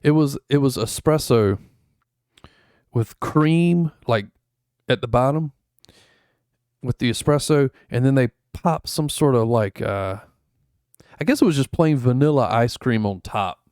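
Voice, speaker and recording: A man's voice: mid-range voice, expressive, a little slow, pauses often, darkish tone, clear, resonant tone, dry recording, clean studio sound. A man streaming in a rambling, laid-back chat full of fillers, going over his travel photos. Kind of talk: casual chat.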